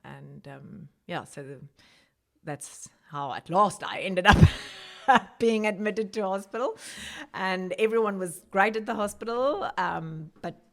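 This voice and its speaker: A woman's voice: lively intonation, takes it slowly, creaky. A woman from South Africa, a podcast guest, telling her story in conversation, growing emotional as she speaks. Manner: emotional, rising pitch when recounting prayer. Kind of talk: personal testimony in conversation.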